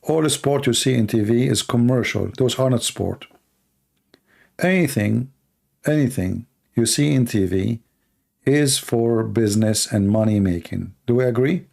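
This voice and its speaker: A man's voice: medium pitch, measured pace, creaky, darkish tone. A man answering viewer questions in a casual monologue, blunt and opinionated, often repeating words as he goes.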